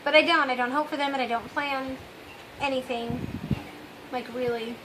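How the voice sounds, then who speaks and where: A woman's voice: high-pitched, fairly even intonation, normal speed, background noise. A woman hosting her own vlog and talking straight to her viewers in a rambling, candid way. She keeps trailing off with "I don't know" and drops in wry, self-mocking asides. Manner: addresses viewers directly. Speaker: vlog host. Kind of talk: casual confessional vlog monologue.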